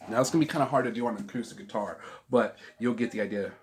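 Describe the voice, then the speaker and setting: A man's voice: medium pitch, rapid-fire, over music. A middle-aged man talks about records at home in a loose, rambling way. He swears freely and keeps breaking off and restarting his sentences. The sound comes from a camera mic on a tripod. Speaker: vinyl channel host. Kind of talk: casual chat about albums. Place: at home with a dog.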